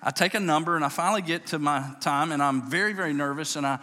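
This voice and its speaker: A man in his forties with a Louisiana accent, a pastor telling a story as a sermon in a folksy, animated way, growing low and quiet for tender moments. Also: fast. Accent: Southern US, Louisiana. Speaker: pastor, state police chaplain. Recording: long reverb of a large hall.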